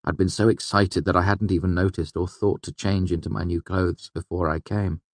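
A man reading a novel aloud as narrator, in measured, tense storytelling. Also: low voice, steady tone, no echo. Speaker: audiobook narrator. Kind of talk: scripted narration.

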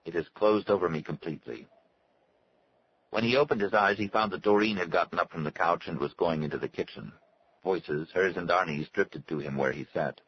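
A man narrating a story in a measured, scripted reading style. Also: low-pitched, husky, lo-fi sound. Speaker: audiobook narrator.

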